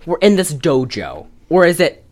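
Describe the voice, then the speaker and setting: Woman, low voice, lively swinging pitch, casual profane storyteller. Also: moderate pace, a crowd in the background. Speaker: podcast co-host. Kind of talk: casual chat.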